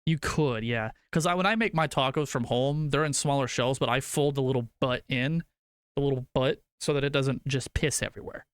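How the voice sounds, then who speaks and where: A man's voice: medium pitch, a little fast, clean tone, no echo, studio quality. A young adult man streaming, chatting loosely with his chat, swearing casually and arguing food opinions in a rambling way.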